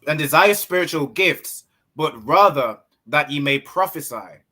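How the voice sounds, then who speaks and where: Man, class member, reads Bible verses, slow measured delivery, bright voice. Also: on the high side, expressive.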